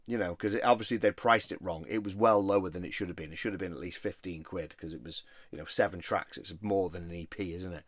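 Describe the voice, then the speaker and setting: Lower-voiced man, chatty collector vlog, dry close recording. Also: quick pace, few pauses, no room sound. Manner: chatty, rambling, easily enthused. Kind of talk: casual show-and-tell vlog.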